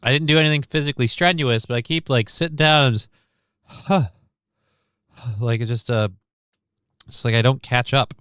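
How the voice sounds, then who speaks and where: A man's voice: mid-range voice, normal speed, long pauses, fairly bright tone, smooth, no room sound, clean studio sound. A tired man hosting a casual livestream, rambling and reading the chat aloud as he goes. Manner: rambling, self-interrupting, reads chat aloud. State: tired, short of breath. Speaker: livestream host.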